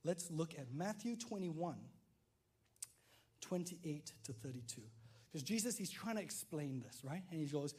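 Male preacher, unhurried delivery, lively storyteller acting out his characters. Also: fairly high pitch, breathy edge. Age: adult father. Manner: animated storytelling, acts out quotes, frequent "right?" to listeners. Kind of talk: sermon.

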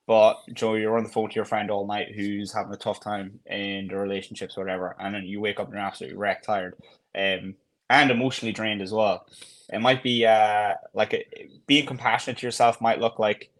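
A man's voice: fairly low pitch, flat delivery, fairly quick, fairly bright tone. A man co-hosting a podcast in casual chat, explaining his points with examples. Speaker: podcast co-host.

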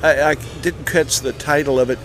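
A man's voice: a little high, fairly even intonation, moderate pace, background noise. A man hosting a podcast in a casual, rambling way with many filler uhs, partly recorded outdoors at a theme park. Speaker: podcast host.

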